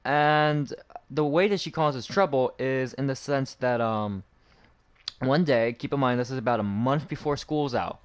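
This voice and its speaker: A young man casually telling a school story while playing a game, animated and acting out the people he quotes. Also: a little slow, clean tone. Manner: animated, raises pitch to act out quoted people. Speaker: gaming channel host.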